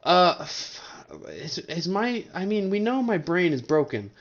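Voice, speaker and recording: A man's voice: high voice, very animated, unhurried, dull audio. A young man from Colorado hosting a casual fantasy league recap to camera, rambling and teasing his friends. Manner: rambling, joking, teasing banter. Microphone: webcam setup at a desk.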